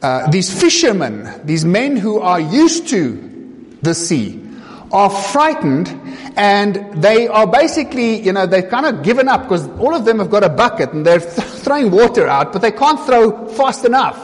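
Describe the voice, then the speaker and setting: A man's voice: high-pitched, big pitch swings, unhurried, long reverb tail. A man preaching a sermon, retelling a story dramatically, voicing the people in it and asking the listeners rhetorical questions.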